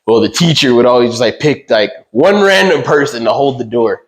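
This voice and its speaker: A man's voice: medium pitch, expressive, a little fast, poor audio. A young man co-hosting a podcast, telling a childhood story in loose casual chat with lots of fillers and swearing. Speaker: podcast co-host.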